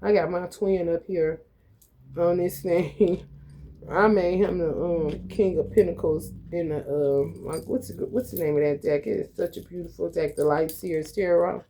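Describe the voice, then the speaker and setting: Gravelly, blunt, laughing woman tarot reader. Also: on the low side, steady tone, unhurried, warm tone. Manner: blunt, profane, slangy, addresses viewers as y'all and honey; laughs often while telling stories. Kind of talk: casual spoken tarot reading.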